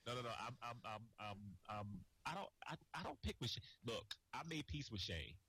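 Animated, husky-voiced male podcast host. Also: mid-range voice, a little fast, no echo, rough recording. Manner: loud, profane, laughs often. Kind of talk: casual chat.

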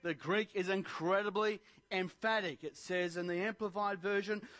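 An impassioned male preacher delivering a sermon in a strikingly high-pitched voice. His tone is bright and forceful, and he builds to emphatic, proclaiming lines. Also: fairly even intonation, moderate pace, hardly any pauses.

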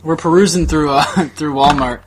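A man's voice: a little high, steady tone, moderate pace, background noise. A young man co-hosting a podcast, telling crude, rambling stories in casual chat and laughing often. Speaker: podcast co-host.

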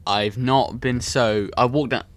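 A man's voice: mid-range voice, fairly even intonation, unhurried. A young man hosting a casual podcast, rambling enthusiastically about films and often correcting himself. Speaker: podcast host. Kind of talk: casual film chat.

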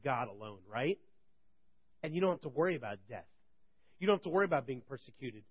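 A young man teaching on a Bible passage in a conversational way, asking rhetorical questions and swinging between loud and quiet. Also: mid-range voice, expressive, fast, slightly rough, no room sound, phone-quality sound. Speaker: preacher.

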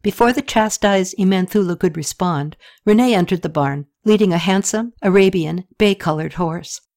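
Woman reading a storybook aloud, lowish voice, little lifts for the dialogue. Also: normal speed, a little mellow. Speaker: audiobook narrator. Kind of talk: scripted narration.

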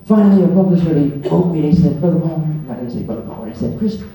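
A middle-aged man preaching a sermon, swinging between hushed passages and loud, excited ones. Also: on the high side, rapid-fire, faint music behind. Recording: very echoey hall, mic at a distance.

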